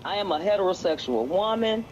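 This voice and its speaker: A woman's voice: mid-range voice, lively intonation, brisk, darkish tone, highs cut off, a little hiss or hum. A woman hosting a live stream, giving casual commentary in a blunt, emphatic, profane way.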